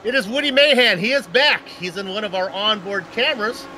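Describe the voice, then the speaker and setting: Upbeat bright-voiced race co-commentator. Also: male voice, high-pitched, fairly quick, a little hiss or hum. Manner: upbeat, joking, reads race stats. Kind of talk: sim racing commentary.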